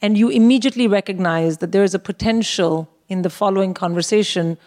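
A middle-aged woman co-hosting a live comedy show, telling a story in a wry, animated way and acting out the dialogue on stage. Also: medium pitch, fast. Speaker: comedian co-host. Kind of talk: stand-up storytelling.

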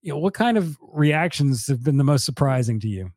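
A man's voice: medium pitch, expressive, a little fast, a little mellow, dry recording. A man interviewing a band member, asking questions in a friendly, conversational way.

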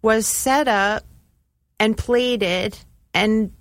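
A woman's voice: mid-range voice, drawn-out words, no room sound. A woman who co-owns a vegan diner, chatting casually and telling a story full of "like" and acted-out quotes. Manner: chatty, fills with "like" and quoted asides. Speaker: chef and diner co-owner.

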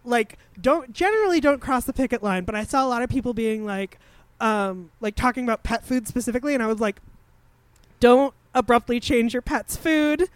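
Young woman co-host, dry close sound, slightly high voice, offhand. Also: dry recording. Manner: quick, offhand, with laughs. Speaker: podcast co-host. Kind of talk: casual chat.

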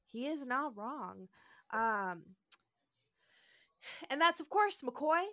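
A woman's voice: sits high, drawn-out words, no echo, studio quality. A woman co-hosting a podcast, telling the story with lots of laughs and acted-out quotes in a casual chat. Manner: laughing, animated storyteller who acts out quotes. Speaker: podcast co-host.

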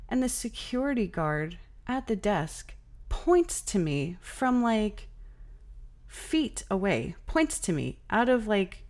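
A woman's voice: medium pitch, darkish tone. A young woman hosting a podcast, candidly telling a personal story in a casual, exasperated way, with many fillers. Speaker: podcast host.

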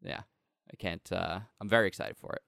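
A man's voice: low voice, steady tone, a little fast, vocal fry, a bit bright, no room sound, clean studio sound. A man telling a casual story in a chat, rambling and filling gaps with "like" and "um.". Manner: rambling, heavy use of "like" and "um".

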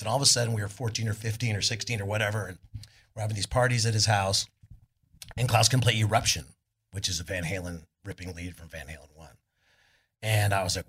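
Husky low-voiced california guy rambling thru stories on a club stage, gets loud when he acts stuff out. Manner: rambling, animated storyteller, acts out quotes loudly. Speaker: guest, rock singer. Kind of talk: live on-stage storytelling interview. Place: club stage before a live audience.

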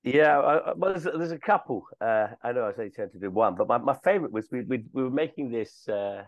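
A man chatting casually, telling stories haltingly with many pauses and restarts, and chuckling through them. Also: mid-range voice, animated, no room sound, phone-quality sound. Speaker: guest, tour company co-founder. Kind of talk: casual storytelling chat.

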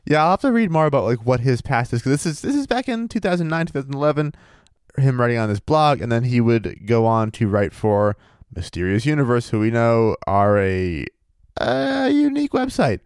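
A man with a medium-pitched, expressive voice talks a little fast, his tone slightly mellow, clear and resonant, recorded cleanly in a studio with no echo. Co-hosting a casual podcast, he reads a paranormal story aloud and jokes around, laid-back and profane, laughing often as the chat mixes with read-aloud passages.

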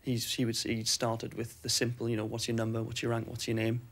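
A man recounting a personal ordeal in measured, even testimony. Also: medium pitch. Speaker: interviewee recalling captivity.

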